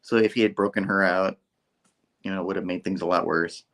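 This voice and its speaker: Man playing a smooth, accommodating rich boss, low-key. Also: steady tone, a little fast, a bit bright. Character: smooth wealthy businessman, older male.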